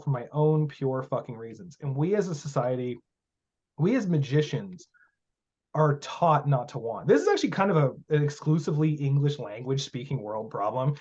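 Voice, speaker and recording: A man's voice: on the high side, darkish tone, breathy edge. Blunt, profane man on muffled audio. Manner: blunt, profane, emphatic storytelling. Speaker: guest, magic teacher. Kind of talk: casual podcast interview.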